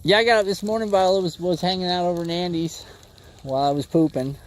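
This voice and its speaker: Excitable man livestreaming from a fishing boat. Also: sits high, quick pace, a little hiss or hum. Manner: excitable, talks to the fish and chat. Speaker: livestreaming bass angler. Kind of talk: casual live commentary while fishing.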